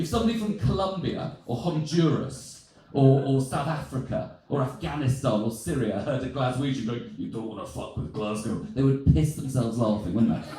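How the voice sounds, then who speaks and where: A man's voice: mid-range voice, a little mellow, very echoey, distant mic. A man doing stand-up comedy before a live audience, chatty and self-mocking, swearing freely.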